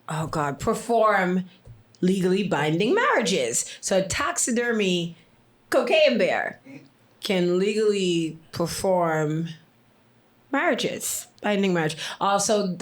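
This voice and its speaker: A woman co-hosting a podcast, chatting casually, animated and quick with asides. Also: on the low side. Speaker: podcast co-host. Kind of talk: casual chat. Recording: echoey room.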